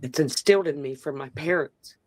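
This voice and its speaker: A woman's voice: low-pitched, fairly quick, darkish tone. A worn-out woman speaks as a guest on a live stream. She talks earnestly and emphatically, now apologetic, now firmly standing her ground. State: tired. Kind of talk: emotional live-stream talk.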